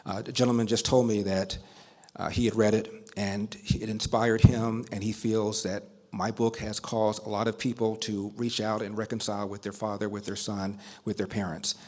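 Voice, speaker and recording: A man's voice: on the low side, flat delivery, moderate pace, darkish tone. An older man giving a storytelling speech at a banquet, building emphasis through repetition. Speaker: speaker at a banquet.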